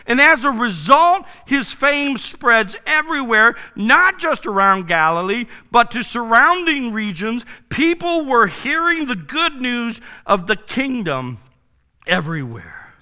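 Emphatic preacher, high and animated. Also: male voice, measured pace, clear, resonant tone. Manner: emphatic, rising to shouted commands. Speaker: pastor. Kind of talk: sermon. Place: church sanctuary.

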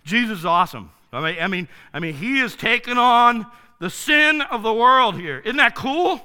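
A male pastor delivers a relaxed, slangy sermon and swings from big excited bursts to hushed asides. His voice sits high, bright and ringing clear. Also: normal speed. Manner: enthusiastic, informal, slangy, dramatic swings in loudness. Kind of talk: casual sermon.

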